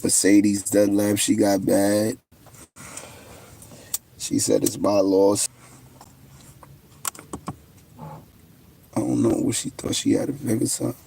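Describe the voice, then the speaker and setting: A man's voice: on the low side, little pitch movement, measured pace, gravelly, pauses often, mellow, a little hiss or hum. A young man, hosting a casual livestream, answering viewers with brash, boastful trash talk. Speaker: livestream host.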